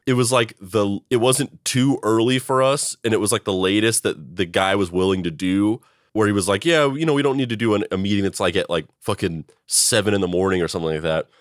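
A man's voice: lowish voice, steady tone, a little fast, no echo, clean studio sound. A man co-hosting a podcast in rambling, profane casual chat. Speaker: podcast co-host.

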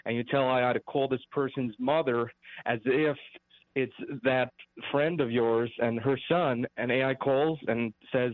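A man's voice: mid-range voice, steady tone, normal speed, no echo. A man calling in to a radio talk show, earnest and rambling, often restarting his sentences. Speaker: caller. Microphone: phone line. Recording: tinny phone line.

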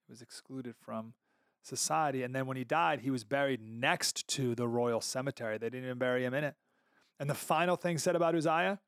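A man's voice: medium pitch, normal speed, a bit bright, dry recording, studio quality. A man hosting a podcast, telling a Bible story in an earnest, conversational, sermon-like way. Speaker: podcast host. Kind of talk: casual sermon-style commentary.

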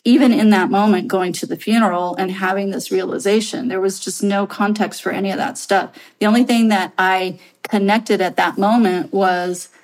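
A woman's voice: medium pitch, steady tone, normal speed, few pauses, low-quality recording. A woman in her late thirties telling a personal story as a podcast guest, earnest and rambling, with many fillers and restarts.

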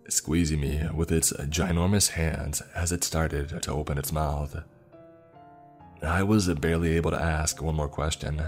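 A man narrating a scripted horror story in a steady, measured telling, over faint music. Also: extremely low pitch.

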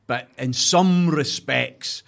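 A man's voice: medium pitch, slow, vocal fry, fairly bright tone. A middle-aged Scottish man, a politician, speaking confidently and reflectively as a podcast guest. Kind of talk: interview chat.

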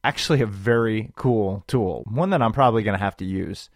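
A man in his thirties hosting a podcast, introducing the episode in a chatty, animated, self-joking way. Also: fairly low pitch, brisk, no echo, studio quality. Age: 30s. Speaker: podcast host.

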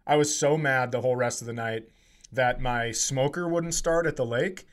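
A man in his forties, a comedian telling a story in casual chat, swearing and getting animated as he acts out a heated argument. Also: mid-range voice, normal speed. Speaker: comedian podcast co-host.

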